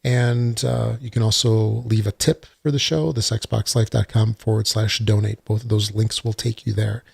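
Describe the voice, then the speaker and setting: A man's voice: on the low side, fairly even intonation, moderate pace, creaky, breathy edge, no echo. A man hosting a casual solo gaming podcast, rambling with lots of uhs and some dry sarcasm. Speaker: podcast host. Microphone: desktop computer mic.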